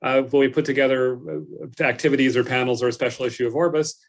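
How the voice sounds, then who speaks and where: Measured man on a panel. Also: mid-range voice, steady tone, creaky. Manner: thoughtful, measured, with fillers. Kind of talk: unscripted panel discussion.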